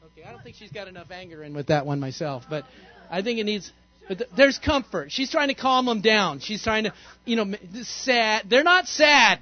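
A man's voice: high-pitched, lively intonation, moderate pace, lo-fi sound. A man, a pastor, giving an interactive sermon in a conversational, playful way and quizzing the congregation. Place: church sanctuary.

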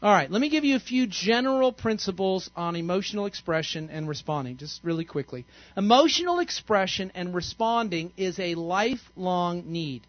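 A man's voice: high-pitched, expressive, normal speed, no echo, highs cut off. A man, a pastor, giving an interactive sermon in a conversational, playful way and quizzing the congregation. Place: church sanctuary.

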